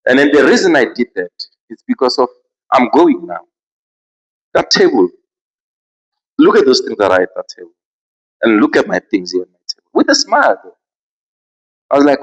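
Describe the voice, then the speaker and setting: A man with a South African accent, hosting a podcast and telling a story in a casual, expressive way. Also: medium pitch, normal speed, pauses often, dull audio. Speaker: podcast host.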